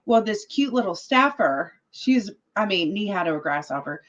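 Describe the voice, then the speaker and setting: A woman guest telling a story in a casual interview, animated and quoting others as she goes. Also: medium pitch, moderate pace, lo-fi sound. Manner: animated, quotes other people in their voices. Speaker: political guest.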